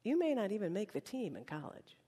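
A woman's voice: medium pitch, sing-song, brisk, dark tone, slightly rough. A woman preacher giving a conversational, humorous sermon, acting out little dialogues, in a large worship hall. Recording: reverberant hall.

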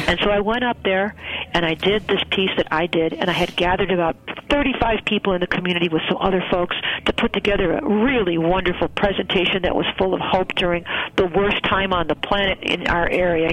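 A woman's voice: medium pitch, fairly bright tone, low-quality recording. A woman guest on a talk show, a ceremony celebrant telling her story in an earnest, rambling way with many fillers. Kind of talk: conversational interview storytelling.

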